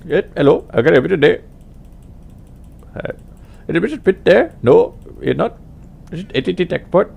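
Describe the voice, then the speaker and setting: A man's voice: sits high, very animated, fairly quick, creaky, long pauses, a little mellow, husky, pitched above the performer's own voice, heavily acted. A man putting on the voice of a confused male telemarketer, hesitant and raised.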